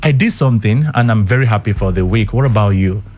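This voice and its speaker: A radio host in the studio chats casually with listeners and runs through the news, talking fast in a lowish, slightly mellow voice. He addresses his audience directly with rhetorical questions and lots of ums, and there's a little hiss or hum on the audio.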